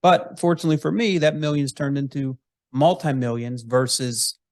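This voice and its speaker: A man's voice: mid-range voice, steady tone, normal speed, dry recording. A man hosting a podcast interview, talking in an easygoing, rambling way with restarts. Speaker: podcast host. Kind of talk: casual interview chat.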